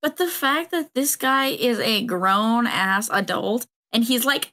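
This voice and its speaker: Brief: female podcast guest, a bit high-pitched, blunt and joking, sarcastic about characters. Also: lively intonation, takes it slowly, few pauses, pushed and bright. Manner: blunt and joking, drawls when quoting characters. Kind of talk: casual chat about an anime.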